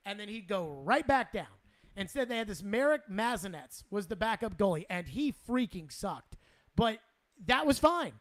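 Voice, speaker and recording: A man hosting sports talk radio, exasperated and sarcastic, repeating himself as he rants. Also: high-pitched.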